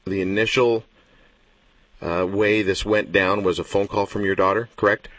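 A male host asking brisk, rambling conversational questions in an interview. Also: fairly low pitch, steady tone, a bit bright, no echo. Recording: voice from far off the mic.

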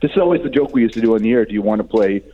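A man talks fast and tells his stories with animation, in an easygoing radio conversation. The sound is a little dull and lo-fi, like a radio broadcast. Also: on the low side. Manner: storytelling, quick and animated. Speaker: guest. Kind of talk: casual radio chat.

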